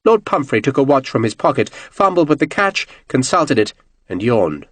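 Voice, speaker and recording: A man reading an audiobook in expressive, scripted narration. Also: mid-range voice, moderate pace, dry recording.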